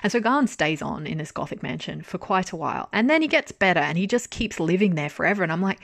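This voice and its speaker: A young woman chatting casually about a drama. She is animated, laughs often and swears. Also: fairly low pitch, fast talker, gravelly, no echo, studio quality. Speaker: drama reviewer. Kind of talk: casual chat.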